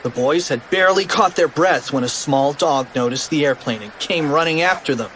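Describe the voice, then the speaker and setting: A man narrating a children's audiobook in an animated, expressive read. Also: fairly high pitch, moderate pace, a little hiss or hum.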